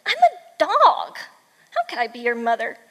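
A woman reading as a blunt, indignant dog from a children's storybook. The voice is high and emphatic, with a long reverb in the room. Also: wildly swooping pitch, moderate pace, fairly bright tone, exaggerated voice. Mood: exasperated.

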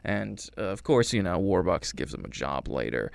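A man giving a casual, rambling film review with a wry tone, dropping into quick character voices. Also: deep voice, very animated, gravelly, no echo.

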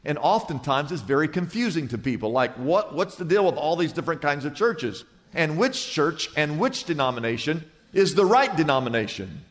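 A man preaches to his congregation in an animated way, acting out characters as he tells a joke. His voice sits high for a man. The sound carries the long reverb of a large church hall. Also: moderate pace. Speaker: pastor. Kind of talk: sermon.

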